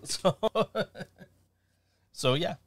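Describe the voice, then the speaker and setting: A man co-hosts a casual podcast chat, talking very slowly, laughing a lot and swearing offhandedly. The recording has no echo.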